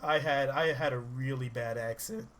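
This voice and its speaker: A man giving casual, rambling game commentary, excitable and laughing often as he plays. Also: mid-range voice, moderate pace. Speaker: gaming channel host. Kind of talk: casual let's-play commentary.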